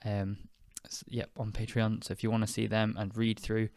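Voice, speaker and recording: A young British man hosting an English-learning podcast, speaking slowly and clearly in a chatty, relaxed way with fillers. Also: on the low side, no room sound, clean studio sound. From United Kingdom. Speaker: podcast host and English teacher. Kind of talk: casual spoken lesson.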